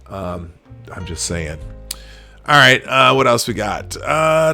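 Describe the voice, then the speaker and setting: Male live-show host, loose sarcastic news chatter, lively pitch. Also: normal speed, soft background music. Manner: rambling and sarcastic, with frequent fillers and restarts. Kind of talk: casual news commentary, reading headlines aloud.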